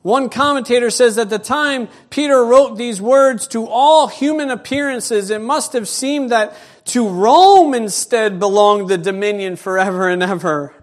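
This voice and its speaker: A middle-aged male pastor preaching a sermon, telling a personal story in an animated way and acting out the voices. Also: very high-pitched, measured pace.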